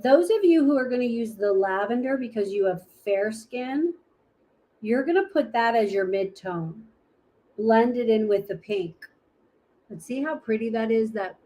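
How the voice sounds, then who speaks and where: A woman's voice: a little high, lively intonation, moderate pace, pauses often, warm tone. A woman giving a casual live makeup tutorial, chatting and thinking aloud as she hunts for her products. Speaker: makeup presenter.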